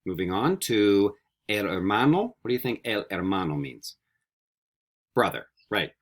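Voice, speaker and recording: A man teaching a Spanish vocabulary lesson, repeating each word slowly and coaxing students with friendly questions. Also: fairly low pitch, big pitch swings. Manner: slow, carefully repeated word drills. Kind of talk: recorded classroom vocabulary lesson.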